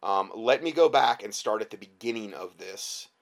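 A man's voice: lowish voice, lively intonation, normal speed, vocal fry. A man hosting his own show, talking in a rambling, emphatic way with frequent restarts and asides to listeners. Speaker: podcast host. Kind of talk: casual talk-show commentary.

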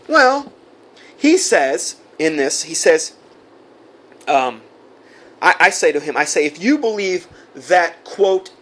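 A man's voice: high-pitched, fairly bright tone. A man preaching fiery commentary, reading a letter aloud and then rebutting it with indignation. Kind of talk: sermon-style commentary read from a recording.

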